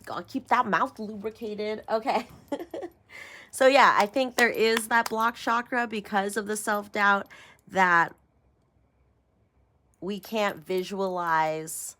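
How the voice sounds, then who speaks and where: A woman talks loosely to her viewers as a tarot reader, wandering from thought to thought. She laughs easily and teases herself between points. Her voice sits at a middle pitch, neither high nor low. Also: steady tone, takes it slowly, pauses often, bright, forceful tone, a little hiss or hum. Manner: rambling and chatty, laughing often, with self-mocking asides. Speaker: tarot reader and channel host. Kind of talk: casual spiritual vlog chat.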